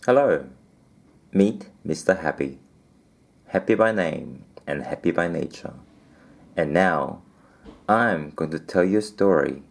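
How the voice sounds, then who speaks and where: A man's voice: deep voice, measured pace, creaky, pauses often. A man reading a children's storybook aloud, with playful asides to the listener.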